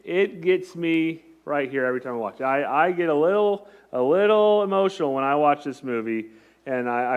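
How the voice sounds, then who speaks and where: A man's voice: mid-range voice, dull audio. A man in his thirties preaching a casual, joking sermon to his church, often restarting sentences and chatting with the congregation. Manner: chatty, joking, self-interrupting. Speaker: pastor. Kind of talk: conversational sermon.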